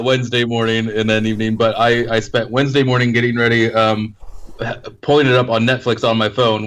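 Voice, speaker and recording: A man's voice: medium pitch, a bit bright. A man co-hosting a film review podcast in casual chat, rambling through anecdotes and laughing often. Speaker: podcast co-host.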